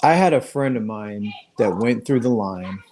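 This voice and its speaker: A man's voice: on the low side, lively intonation, normal speed, a little mellow, a little hiss or hum. A man co-hosting a casual livestream over a video call, telling a story with lots of restarts. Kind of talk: casual chat.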